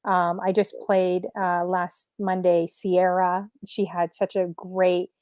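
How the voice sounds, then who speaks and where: A woman streamer DJ as the guest in a casual interview, upbeat and chatty with many fillers, a little hoarse. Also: on the low side, flat delivery, slow pace, darkish tone, dry recording, studio quality. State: slightly losing her voice.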